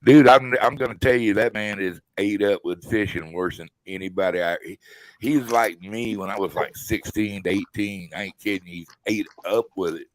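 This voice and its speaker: A middle-aged man spins a rambling fishing story in loose, folksy slang. His voice sits low, and the sound is dry and close. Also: normal speed, dry recording, low-quality recording. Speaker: guest. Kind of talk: casual live-stream chat.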